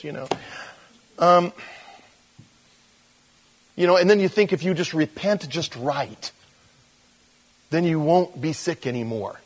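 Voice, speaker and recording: A man's voice: on the high side, a little slow, pauses often, poor audio. A man preaching a conversational sermon, casual and loose, with many fillers, acting out the voices of people he quotes. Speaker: pastor.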